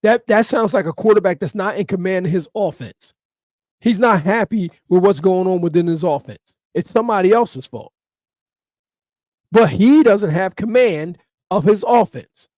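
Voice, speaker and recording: Emphatic high-voiced sports ranter, man. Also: animated, normal speed, darkish tone, no echo, studio quality. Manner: emphatic, repeats his points. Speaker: sports commentator. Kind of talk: opinion commentary rant.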